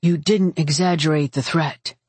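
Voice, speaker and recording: A woman's voice: low-pitched, steady tone, moderate pace, a little mellow, slightly rough, no room sound. A woman voicing a skeptical male soldier who talks in a dry, sardonic way in an audiobook.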